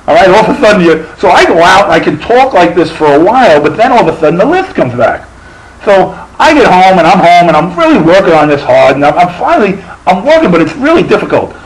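A man's voice: sits high, slight background noise, low-quality recording. A middle-aged man with a lisp, telling a profane, rambling stand-up story full of restarts. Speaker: stand-up comedian.

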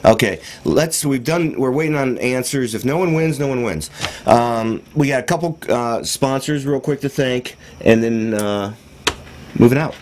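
A man's voice: medium pitch, normal speed, darkish tone. A man hosting a casual live show, joking and teasing his co-host while moving things along.

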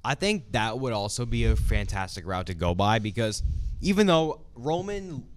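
A man's voice: lowish voice, normal speed, clean tone. A young man co-hosting a casual talk show, speaking with enthusiastic, opinionated energy. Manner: enthusiastic, opinionated, animated storytelling. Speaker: co-host of a wrestling talk show. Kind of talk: casual chat.

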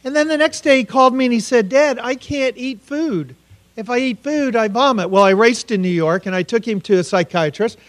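A middle-aged American man with a fairly high voice speaks as a keynote speaker. He tells a hard family story earnestly and gives each quoted line its own voice. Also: fairly quick. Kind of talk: personal story told as a conference keynote. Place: conference hall.

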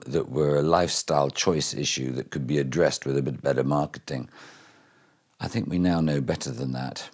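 An older man gives a keynote talk in a very deep voice with a husky edge. He is reflective and wry, and he often pauses on fillers and restarts his sentences. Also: a little mellow. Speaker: keynote speaker. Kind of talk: keynote speech.

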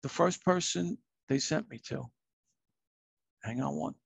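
A middle-aged retired fire captain speaks in a fairly high, gravelly voice with a husky edge. He talks candidly and reflectively in a plain, earnest way. The sound is dry and close, with no room around it. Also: a little slow, dry recording. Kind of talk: candid personal storytelling.

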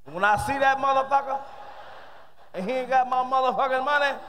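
A man's voice: very high-pitched, fairly quick, sharp tone, a little hiss or hum. A man playing a fed-up man griping about an unpaid debt, packing nearly every phrase with profanity. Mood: aggrieved.

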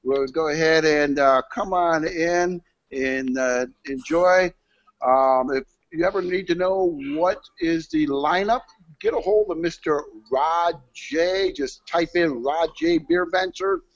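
A man's voice: on the high side, expressive, slow pace, dull audio. A man co-hosting a casual beer live stream from a restaurant, rambling with many fillers over an online call. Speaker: live show co-host.

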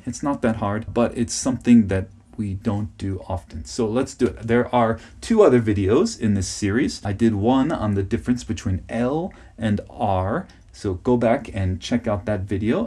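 A man's voice: medium pitch, warm tone, slightly rough. A man teaching English pronunciation on his podcast, patiently repeating key words and checking in with "okay?". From United States.

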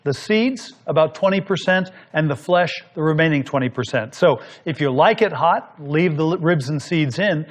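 A man with a slightly high voice talks through a cooking demonstration as he chops and cooks. He explains each step in a relaxed, instructive manner, as if teaching the viewer. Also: moderate pace, few pauses. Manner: explanatory, talks while working. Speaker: cooking show host.

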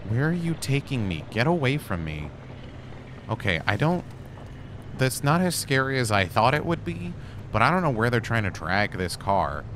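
A man's voice: mid-range voice, big pitch swings, moderate pace, background noise. A man giving casual gameplay commentary, chatting with the game and yelping when things go wrong. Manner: chatty, talks to the game, flustered yelps. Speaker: gaming YouTuber.

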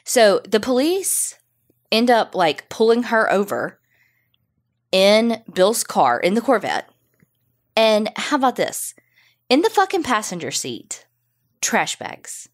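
A woman's voice: on the high side, very animated, slow pace, long pauses. A woman co-hosting a podcast, casually retelling a true-crime story with sassy, profane asides. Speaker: podcast co-host.

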